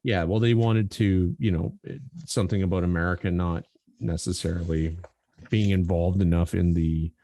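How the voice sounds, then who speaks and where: A man co-hosting a podcast in casual chat, animated, swearing freely and laughing often. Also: sits low, moderate pace, no echo. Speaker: podcast co-host.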